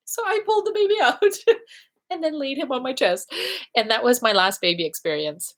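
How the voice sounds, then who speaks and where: A woman in her thirties chatting casually on a live stream, telling stories and acting out the people in them in lively quoted voices. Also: fairly high pitch, moderate pace. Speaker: vlogger hosting a live chat.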